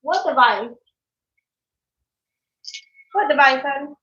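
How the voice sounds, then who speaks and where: A woman's voice: high-pitched, animated, slow pace, bright, forceful tone. A woman chatting casually on a live stream as a channel host. She laughs often and reads out viewer comments. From Mississippi. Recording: echoey, dull lo-fi sound.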